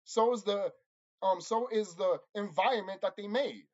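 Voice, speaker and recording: A channel host delivering an angry, profane monologue to viewers, repeating himself and insulting his audience. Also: moderate pace. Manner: lively swings in pitch and loudness. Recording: dull lo-fi recording.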